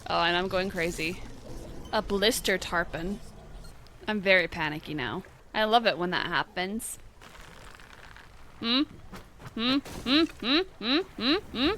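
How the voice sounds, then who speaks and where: A young woman with a bright, clear voice gives casual commentary while she plays, thinking out loud and reacting quickly when something startles her. She also reads the game's on-screen text aloud, and a faint hum sits under her voice. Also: mid-range voice. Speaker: gaming channel host.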